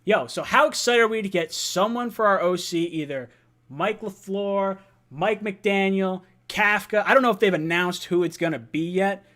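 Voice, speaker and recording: A young man hosting a live-stream call-in fan show, excited, laughing and often shouting. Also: high-pitched, normal speed, a little hiss or hum.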